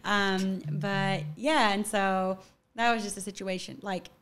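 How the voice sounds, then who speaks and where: A woman's voice: mid-range voice, steady tone, slow, a bit bright, clean tone. A young adult woman, an actor guest on a podcast, telling a story in casual chat and filling her talk with "like". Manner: chatty, fills talk with "like".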